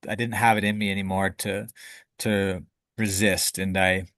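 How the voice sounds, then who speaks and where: A man's voice: low-pitched, level tone, moderate pace, a bit bright, dry recording. A man, a podcast guest, candidly telling a personal story with emotion and casual swearing.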